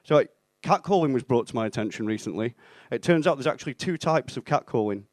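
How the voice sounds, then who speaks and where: Deadpan young stand-up. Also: male voice, mid-range voice, quick pace, no room sound. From England (Stoke-on-Trent). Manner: deadpan, self-mocking delivery with acted-out dialogue. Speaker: stand-up comedian. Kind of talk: stand-up comedy set. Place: comedy club stage.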